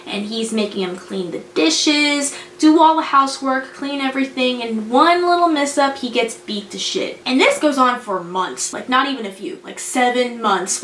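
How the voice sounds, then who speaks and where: A woman's voice: on the high side, a bit bright. A young woman giving a casual spoken anime review in a blunt, profane, exasperated way. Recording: roomy echo, faint noise.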